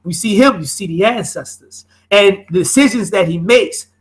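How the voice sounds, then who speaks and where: A man's voice: sits high, normal speed, low-quality recording. A man leading a study group on internet radio, explaining by restating phrases and often asking "okay?".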